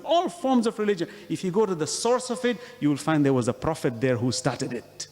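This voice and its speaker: With a high, slightly mellow voice, a man delivers an earnest religious talk, questioning his listeners and acting out exchanges to illustrate his points. The room gives a long hall reverb.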